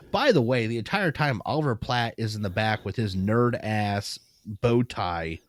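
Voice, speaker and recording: Animated man co-hosting a movie podcast. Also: medium pitch, normal speed, no echo, studio quality. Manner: animated, laughs often, swears casually. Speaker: podcast co-host. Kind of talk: casual movie review chat.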